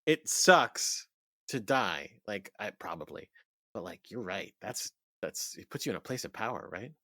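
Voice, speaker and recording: A man's voice: lowish voice, very animated, measured pace, pushed and bright, no room sound. A man co-hosting a podcast, chatting casually with big, exaggerated reactions and frequent laughter. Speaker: podcast co-host.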